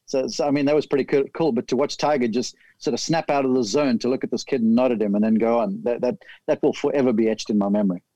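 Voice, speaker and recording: A man's voice: medium pitch, fairly even intonation, fast talker, hardly any pauses, warm tone, no room sound, low-quality recording. A man, a golf analyst, telling a vivid story in casual chat.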